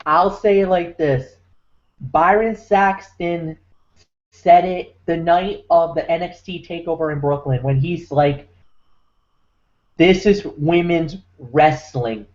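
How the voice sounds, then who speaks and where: A man's voice: fairly high pitch, fairly even intonation, a little slow. A man hosting a wrestling recap show, talking with emphatic, preacher-like force. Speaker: podcast host. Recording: muffled lo-fi audio.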